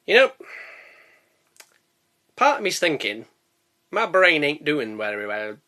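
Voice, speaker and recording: Male comedy reviewer, giggly and sweary, slow talker whose pitch swings wildly. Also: very animated. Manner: giggly, swearing, sudden loud silly outbursts. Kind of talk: comedy outtakes.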